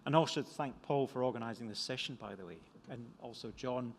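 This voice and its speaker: In a mid-range voice at a fairly quick pace, an older Scottish-accented economist from Scotland presents his book at a conference. He rambles, belittles himself, and restarts repeatedly, with slight background noise and lecture hall reverb in the recording.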